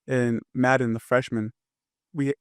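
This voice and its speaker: A man's voice: mid-range voice, level tone, clear, resonant tone, no room sound, clean studio sound. A young man, a football team captain, telling stories in casual chat with lots of fillers. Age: young adult. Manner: fast storytelling with lots of fillers.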